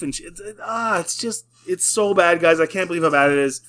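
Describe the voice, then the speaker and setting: A young man rants through a casual video review, exasperated and sarcastic, with a bright, forceful edge to his voice. His pitch sits a little high. He piles up fillers and disbelieving asides. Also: a little fast, hardly any pauses. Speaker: YouTube reviewer.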